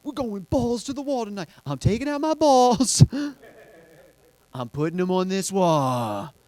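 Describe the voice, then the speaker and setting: A man voicing rowdy young party bros, loud, hyped and boastful. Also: high voice, big pitch swings, a little slow, pitched above the performer's own voice.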